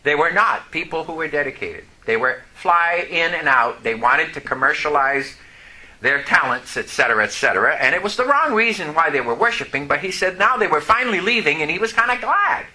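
Male preacher, sermon, very bright and tense voice, echoey hall. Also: on the high side, expressive, fairly quick. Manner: storytelling, rising to loud impassioned outbursts. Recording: echoey room.

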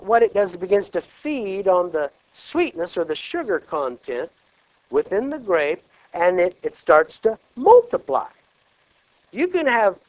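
A man's voice: sits high, no echo, muffled recording. A man from Kansas preaching a sermon, often checking in with his listeners through rhetorical questions. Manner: animated, peppered with rhetorical check-ins.

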